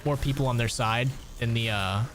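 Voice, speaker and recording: A young man streams a game and rambles in a loose, profane, laugh-filled way, his pitch sitting mid-range for a man. Background music plays clearly under his voice the whole time. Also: fairly quick, a bit bright. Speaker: gaming streamer. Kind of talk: casual gameplay chat.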